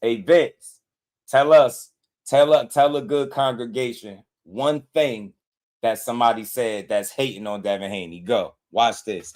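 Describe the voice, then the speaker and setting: A man's voice: medium pitch, unhurried, a little mellow. A man with a mid-range voice running a live boxing stream, firing taunts at his chat. He chuckles between jabs and keeps calling out viewers by name, drawing out his put-downs. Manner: mocking, trash-talking viewers with frequent laughs; addresses chat directly, repeating names and taunts. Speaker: boxing livestream host.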